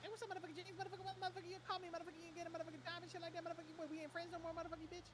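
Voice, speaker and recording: A woman's voice: very high-pitched, flat delivery, racing, noisy background. A woman voicing a pushy, foul-mouthed male street hustler in a game role-play. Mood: brash. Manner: swears in nearly every sentence, brash.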